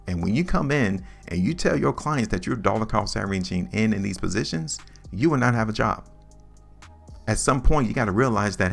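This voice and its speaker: A man's voice: fairly low pitch, gravelly. A man hosting a stock market video, lecturing viewers over his charts with emphatic, repetitive talk. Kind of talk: chart analysis commentary.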